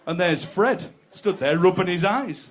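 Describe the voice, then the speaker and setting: Crude stand-up comic. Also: male voice, sits high, lively intonation, measured pace. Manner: conversational, crude, teasing the crowd. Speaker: stand-up comedian. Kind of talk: stand-up comedy set. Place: comedy club stage.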